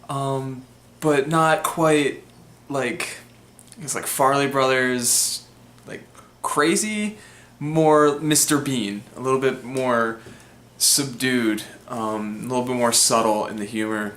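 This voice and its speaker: A man's voice: mid-range voice, slow, a bit bright. Young man, casual film review, rambling with fillers, echoey room. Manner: rambling, chatty, lots of fillers. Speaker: film vlog host. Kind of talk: casual movie review monologue. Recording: roomy echo.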